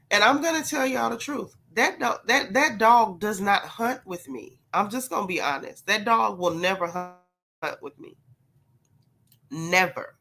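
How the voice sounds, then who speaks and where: A woman hosts a gossip livestream while sick, and her nose sounds stuffed up. Her voice has a bright, forward edge at an ordinary pitch. She talks straight to her viewers and hammers home each point by saying it again. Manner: emphatic, repeats her points for stress. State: congested, sick voice. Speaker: gossip channel host. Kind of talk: livestream commentary.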